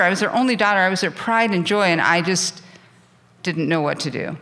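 A middle-aged woman from California tells a true story from her past on stage. She sounds candid and self-mocking, and she laughs at her own mistakes. Her voice has a bright, forceful edge. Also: lowish voice, fairly quick. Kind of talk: live personal storytelling.

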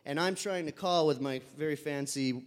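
A man's voice: a little high, moderate pace, long reverb tail. A man telling a personal story live, casual and conversational with fillers, sometimes acting out voices.

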